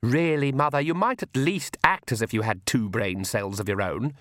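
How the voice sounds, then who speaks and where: A man's voice: medium pitch, normal speed, a bit bright, no echo, clean studio sound, natural voice. A man voicing a sneering, haughty young female vampire in a snide, scornful tone.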